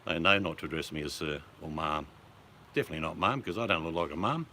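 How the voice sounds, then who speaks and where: An Australian man chatting casually with viewers as host, relaxed and chatty, swearing freely. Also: extremely low pitch, quick pace, slight background noise.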